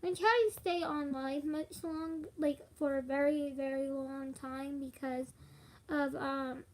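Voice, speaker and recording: A woman's voice: high voice, steady tone, slow pace. A tired young woman chatting casually on a live stream, rambling with fillers. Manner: rambling, with frequent fillers and laughs.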